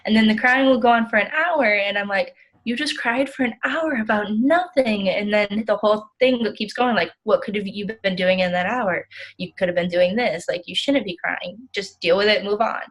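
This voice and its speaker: A young woman acts out an overwhelmed client in a counseling role-play. She talks in rambling runs full of fillers, self-critical and tired, at an ordinary mid pitch. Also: moderate pace, a bit bright, natural voice, low-quality recording. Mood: weary, frustrated.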